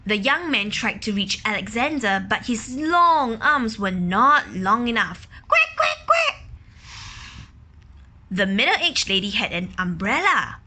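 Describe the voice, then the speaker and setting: A woman reading a children's picture book aloud, pausing to ask questions, explain words and imitate quacking ducks. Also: mid-range voice, lively intonation, sharp tone. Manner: imitates quacking and gasps for effect. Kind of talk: children's story read-aloud.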